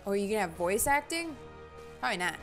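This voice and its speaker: A woman's voice: mid-range voice, very animated, fast talker, fairly bright tone. Casting a woman host for let's-play commentary: chatty, jokey, self-mocking, with faint game music underneath. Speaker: gaming channel host.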